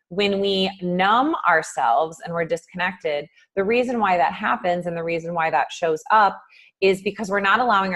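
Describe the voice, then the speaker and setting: Acting out inner voices through dramatic rises and drops in pitch and volume, a woman life coach gives an informal motivational talk over a live stream, using many ums along the way.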